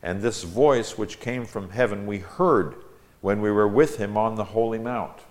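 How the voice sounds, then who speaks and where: Deep-voiced man teaching Scripture. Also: a little slow. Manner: reads Scripture aloud with rising emphasis. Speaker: preacher. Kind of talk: Bible teaching sermon.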